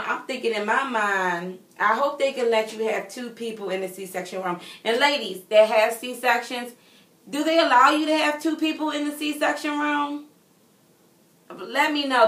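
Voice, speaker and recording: A woman's voice: fairly high pitch, fairly bright tone. A heavily pregnant woman in a home nursery, chatting expressively and directly to her viewers. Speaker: vlogger. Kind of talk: casual chat to viewers. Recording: echoey room, mic at a distance.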